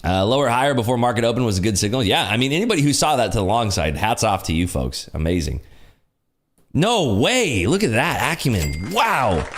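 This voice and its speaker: Excitable male livestream host with an animated voice that swings up and down, laughs a lot, hypes up viewers' wins. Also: mid-range voice, a little fast. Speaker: day trading livestream host. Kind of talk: casual live market commentary.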